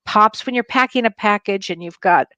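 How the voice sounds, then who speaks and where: Woman co-hosting a livestream, earnest and eager telling a story, mid pitch, dry close sound. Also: normal speed, bright, forceful tone, dry recording, highs cut off. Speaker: co-host. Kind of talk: casual chat on a livestream show.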